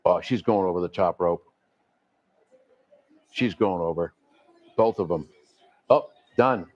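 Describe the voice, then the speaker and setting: A man's voice: low voice, slow pace, a little mellow, lo-fi sound. An older man chatting casually as a guest while watching wrestling, confident and prone to repeating himself. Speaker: guest commentator.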